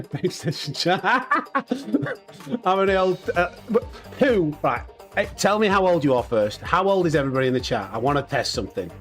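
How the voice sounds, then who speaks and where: A man in his thirties hosting a live gaming stream, cheeky and jokey, laughing often and chatting with viewers. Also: fairly high pitch. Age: 30s. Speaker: streamer host. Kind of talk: casual live-stream chat while gaming.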